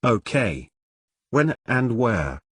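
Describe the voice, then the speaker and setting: A man's voice: mid-range voice, big pitch swings, extremely slow, husky, dry recording, heavily acted. A man reading a puzzled young man. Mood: casual.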